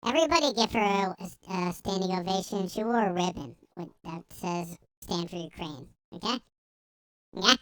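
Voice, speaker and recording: Male host playing a preachy starlet: breathy baby voice, crystal clear, self-important. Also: sits high, expressive, moderate pace, bright, forceful tone, no room sound, voice pushed up, exaggerated voice. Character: vapid breathy young actress preaching at an awards show.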